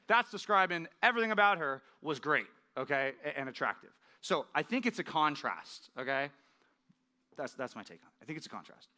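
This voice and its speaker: A man preaching a sermon with a bright, forceful voice that sits a little high. He keeps it chatty and animated, firing quick questions at his listeners. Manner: conversational, animated, often asks the audience "right?" and "okay?". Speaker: pastor.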